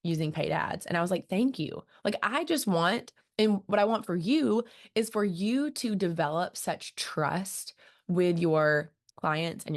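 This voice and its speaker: Earnest chatty woman podcast host. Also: on the low side. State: emotional, close to tears. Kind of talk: casual podcast monologue.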